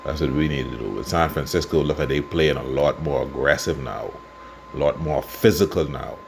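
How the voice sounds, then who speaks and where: A Bahamian man giving casual football commentary and predictions, passionate and quick to get worked up. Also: extremely low pitch, gravelly, slight background noise. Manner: passionate, gets worked up and loud. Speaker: sports fan vlogger.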